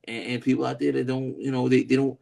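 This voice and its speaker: A man's voice: mid-range voice, level tone, quick pace, creaky, warm tone. A man co-hosting a casual podcast chat, laid-back and rambling, always tossing in "you know what I mean" and laughing often. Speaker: podcast co-host.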